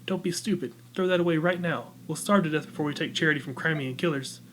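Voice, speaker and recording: A man's voice: fairly high pitch, fast, a bit bright, a little hiss or hum, lightly acted. A man voicing a proud, starving mother who speaks in a stern, clipped way. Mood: stern, bitter.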